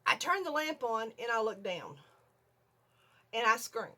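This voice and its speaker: An older woman vlogger telling a story in a casual, animated way from her home video room, often checking in with "okay?". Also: a little high, unhurried.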